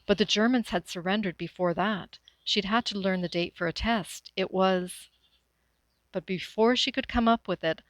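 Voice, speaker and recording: A woman's voice: medium pitch, no echo, low-quality recording. Woman reading a campfire story aloud. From Northwestern Ontario, Canada. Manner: measured, expressive narration. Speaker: author reading her story.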